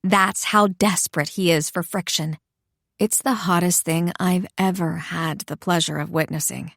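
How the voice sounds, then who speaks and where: A woman's voice: on the low side, normal speed, no echo, clean studio sound. Woman narrating an intimate audiobook. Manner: expressive, intimate storytelling. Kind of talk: first-person romance audiobook narration.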